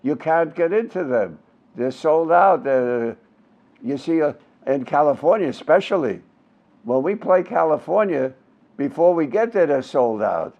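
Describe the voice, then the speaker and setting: An old man in his nineties with a Brooklyn and Yiddish-tinged accent spins a rambling, animated story. His voice sits a little high. The recording sounds dull and lo-fi. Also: measured pace. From United States. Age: 90s. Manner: rambling, animated storyteller with many fillers and restarts. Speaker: veteran Yiddish theater actor, guest. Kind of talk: storytelling interview.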